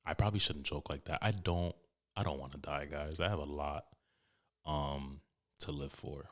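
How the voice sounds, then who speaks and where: A man with a low voice hosts his own podcast alone. He talks casually and candidly, rambling from joke to confession. He swears freely as he goes. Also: steady tone, normal speed. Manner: candid, profane, rambling and joking. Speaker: podcast host. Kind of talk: casual solo podcast talk.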